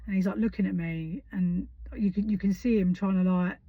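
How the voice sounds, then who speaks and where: A woman's voice: mid-range voice, steady tone, brisk, no echo. A woman, telling a story in a blunt, heated way, swearing freely. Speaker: vlogger. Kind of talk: casual storytelling. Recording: dull lo-fi sound.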